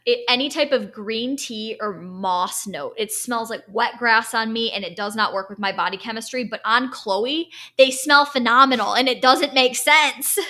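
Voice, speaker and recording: A woman's voice: a little high, moderate pace, hardly any pauses, sharp tone. A young woman co-hosting a casual podcast chat, talking with enthusiasm and plenty of fillers. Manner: chatty, enthusiastic, many fillers. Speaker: podcast co-host. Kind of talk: casual chat about perfume.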